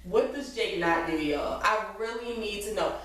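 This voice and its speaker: A woman in a casual, profane TV recap chat, acting out the characters' lines in quick voices. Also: mid-range voice, fairly bright tone, recorded from a distance. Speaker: TV recap podcast co-host. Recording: echoey room, voice off-mic.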